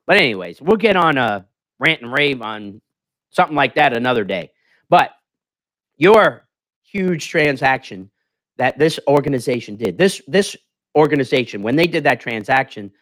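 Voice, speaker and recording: A man's voice: medium pitch, big pitch swings, normal speed, a bit bright. A man hosting a business talk show, ranting emphatically and acting out phone calls in a casual way. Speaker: host.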